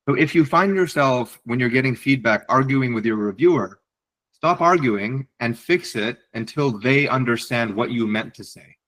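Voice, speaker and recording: A man's voice: medium pitch, expressive, normal speed, fairly bright tone, rough recording. A man presenting a webinar, a psychiatry fellow giving direct, encouraging writing advice over a video call, often repeating words as he restarts.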